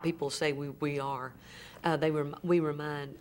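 A woman's voice: deep voice, level tone, moderate pace, slight background noise. A woman from Oklahoma with an Oklahoma accent, chatting casually in an interview and laughing easily at shared stories. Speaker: actress and guest. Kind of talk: casual chat.

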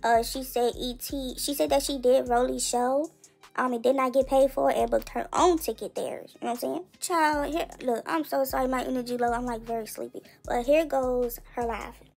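A woman's voice: high voice, fairly even intonation, normal speed, creaky, darkish tone. A woman hosting a casual commentary show, blunt and slangy, laughing as she talks. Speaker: host.

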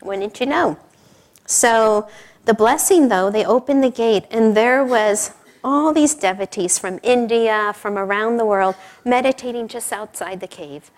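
A woman's voice: a little high, measured pace. Chatty, laughing woman giving a talk. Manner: chatty, laughing often, full of asides. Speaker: speaker at a spiritual service. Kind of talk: informal sermon told as a personal story.

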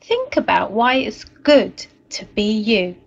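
A woman teacher reading a story aloud and leading a recorded lesson for young children in a gentle, expressive way. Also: mid-range voice, slow pace, vocal fry, breathy edge, dull audio. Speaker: primary school teacher.

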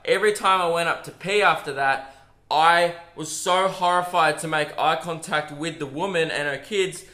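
A man's voice: fairly high pitch, normal speed, bright, forceful tone. A young Australian man, a comedian hosting his own podcast from a hotel room, telling a rambling, profane, self-mocking story. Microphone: camera propped on a coffee table.

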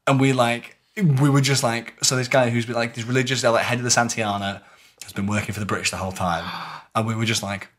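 Guy on a podcast telling a wild weekend story, kinda husky, cusses a lot. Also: medium pitch, brisk. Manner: lively storyteller who swears freely and acts out quotes. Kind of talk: casual chat recounting a live-action role-play weekend.

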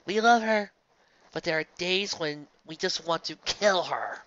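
A reader voicing a calm, steady young woman warrior who reassures a friend. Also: mid-range voice, unhurried, muffled recording, natural voice. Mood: reassuring.

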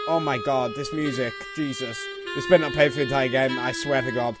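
With loud, looping clarinet game music underneath, a young man with a sore throat offers exasperated, profane let's-play commentary as he games casually. His mid-range voice holds a steady tone and moves a little fast.

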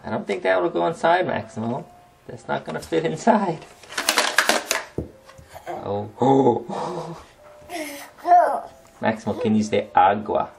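A man's voice: fairly high pitch, animated, slow, creaky, pauses often, background noise. A man filming his toddler at home, coaxing the child in a sing-song way in a casual home video.

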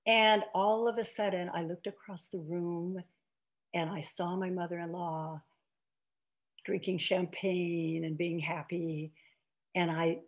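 Older woman with a gravelly, husky voice. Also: on the low side. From Iowa, United States. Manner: chatty storyteller, many fillers and restarts. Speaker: author giving a talk. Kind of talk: anecdotal lecture over video call. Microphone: video call.

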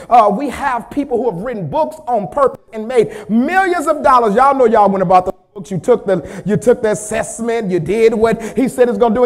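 High-voiced preaching man, hushed to shouting. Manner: call-and-response preaching, swings from hushed to shouting. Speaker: pastor. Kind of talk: sermon. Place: church sanctuary.

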